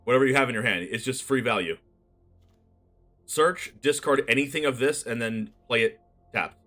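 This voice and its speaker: A man's voice: medium pitch, moderate pace, faint music behind. Chatty man streaming a card-game deck build. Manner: chatty, reads card text aloud, thinks out loud. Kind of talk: casual live-stream commentary.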